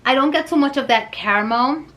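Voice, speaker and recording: A woman reviewing perfume in a vlog, gushing and excitable, with soft whispered asides. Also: high-pitched, fairly quick, low-quality recording. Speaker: fragrance reviewer.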